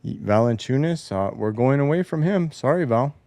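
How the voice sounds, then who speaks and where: A man's voice: medium pitch, lively intonation, normal speed, dark tone, no room sound. A man hosting a casual sports talk show from a home basement, rambling and opinionated, with some swearing. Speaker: host. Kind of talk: casual solo sports commentary.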